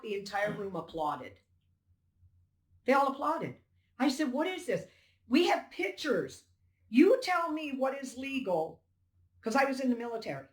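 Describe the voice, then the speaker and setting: Older lady, fired up and emphatic, acts out what people said, echoey room. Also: on the high side. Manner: emphatic and indignant, acting out dialogue. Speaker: poll challenger recounting events. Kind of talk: interview testimony. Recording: roomy echo.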